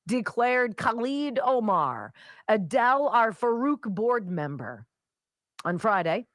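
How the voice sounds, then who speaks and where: A woman's voice: medium pitch, fairly bright tone, no room sound, clean studio sound. A woman hosting a talk radio show, delivering sarcastic, mocking commentary. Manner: sarcastic, mocking, mimics voices. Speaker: radio host.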